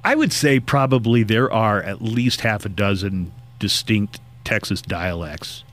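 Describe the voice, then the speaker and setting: A man's voice: lowish voice, animated, unhurried, a bit bright. A man hosting a call-in radio talk show, chatting casually and rambling through a list.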